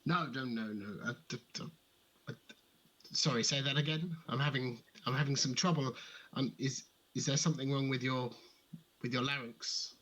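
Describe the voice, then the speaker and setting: A man's voice: mid-range voice, fairly even intonation, normal speed, a bit bright, natural voice, low-quality recording. An actor playing a fussy, polite nobleman who stammers and restarts his sentences. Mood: genteel. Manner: stammering, restarts, genteel phrasing.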